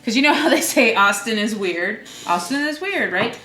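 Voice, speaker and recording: A woman comedian talking as a guest, chatty and animated, with playful asides as she tells her stories. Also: a little high, normal speed, faint music behind. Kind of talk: casual chat, storytelling. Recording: roomy echo.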